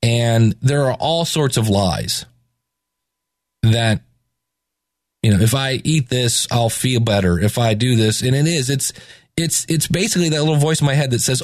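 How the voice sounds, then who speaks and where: A middle-aged man talks through a Bible passage in a relaxed, rambling way. He stops and restarts often and retells the stories in loose everyday wording. His voice sits at an ordinary pitch, and the recording is dry with no room echo. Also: unhurried. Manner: conversational, rambling with restarts and hesitations; paraphrases scripture in loose everyday speech. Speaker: speaker reflecting on scripture. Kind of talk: casual Bible reflection.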